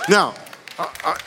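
A man's voice: fairly high pitch, noisy background. A male pastor preaching a sermon, telling a joking story and acting out its characters before turning to scripture. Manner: jokey, animated storytelling, acts out characters. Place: church hall. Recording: long reverb of a church hall.

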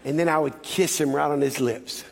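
Gravelly high-voiced preacher in a hall. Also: male voice, moderate pace, slight background noise. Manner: animated, building to loud exhortation. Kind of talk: sermon with personal storytelling. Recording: long hall reverb.

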